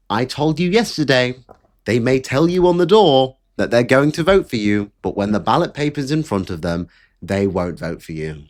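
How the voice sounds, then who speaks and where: A man's voice: mid-range voice, animated, normal speed. A man delivering sarcastic, mocking political commentary in a ranting live stream. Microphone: camera setup at home.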